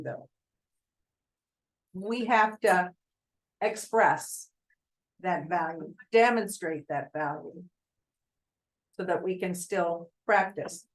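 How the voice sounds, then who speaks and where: A woman's voice: medium pitch, poor audio. An older woman, a veteran real estate agent, talks informally to a group of colleagues, telling chatty stories and asking the audience questions.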